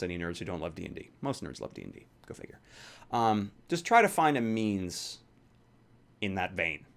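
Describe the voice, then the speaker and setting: Young guy chatting thru a q&a vlog, kinda low voice, rambly and swears a bit. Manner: rambling, offhand, swears casually. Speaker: YouTuber answering viewer questions. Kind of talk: casual Q&A vlog.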